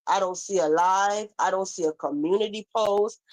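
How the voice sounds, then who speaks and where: A woman's voice: mid-range voice, normal speed, darkish tone, poor audio. A woman with a Caribbean accent, hosting a heated live stream, reading chat comments aloud and scolding someone in a sassy way. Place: home.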